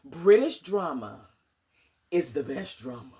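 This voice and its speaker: A woman chatting casually in a book review vlog, animated and slangy, dramatic and often laughing. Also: low-pitched, takes it slowly. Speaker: book vlogger.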